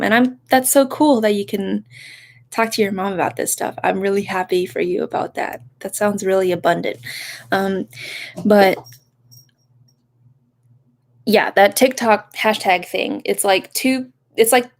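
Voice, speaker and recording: A young woman giving a casual live-stream reading, talking softly and rambling, breaking off to greet viewers with sudden excitement. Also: mid-range voice, measured pace, pauses often. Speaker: live tarot reader.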